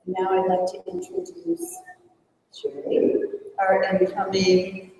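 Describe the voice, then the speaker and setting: A woman's voice: mid-range voice, big pitch swings, takes it slowly, creaky, mellow, far from the mic. Woman thanking her team in an echoey hall. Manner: upbeat, reads off names and thank-yous. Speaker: outgoing leader of a librarians' network. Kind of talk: thanks and announcements at a conference breakfast. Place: large conference hall.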